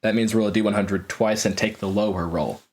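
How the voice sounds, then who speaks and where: A man running a tabletop game as game master, narrating action quickly and playfully. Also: lowish voice, fairly even intonation, darkish tone, slight background noise.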